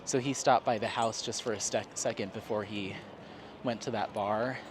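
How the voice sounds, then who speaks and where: A Colorado man who makes craft vlogs chats casually as he walks his dog near water one evening, rambling and laughing a lot. His voice sits on the low side, with fairly even intonation and a normal pace. The clear recording picks up outdoor street noise, traffic and town ambience.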